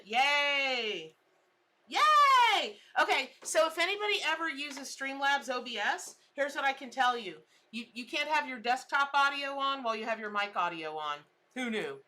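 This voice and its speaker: Bubbly high-voiced woman live-streaming. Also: sharp tone. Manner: bubbly, exclamatory, chatty with viewers. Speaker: tarot reader hosting a live stream. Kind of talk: casual live-stream chat. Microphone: desk mic.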